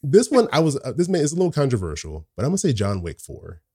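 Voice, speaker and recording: A man's voice: mid-range voice, huge pitch swings, fast, mellow, breathy edge. A man co-hosting a casual chat about movies, laughing often as he talks. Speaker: co-host.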